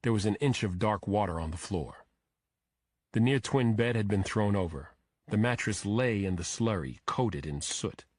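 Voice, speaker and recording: A man narrating a first-person crime thriller audiobook in a steady, measured way. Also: on the low side, no echo, studio quality.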